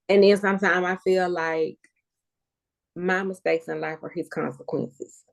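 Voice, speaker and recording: Low gravelly-voiced woman, close to tears. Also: steady tone, unhurried. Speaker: podcast guest. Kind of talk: emotional personal conversation.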